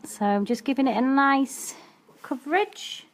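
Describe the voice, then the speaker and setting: A woman's voice: sits high, lively intonation, a little slow. A Welsh woman chatting and giggling as she hosts a live-stream nail painting demo, speaking into a phone indoors. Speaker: nail technician host.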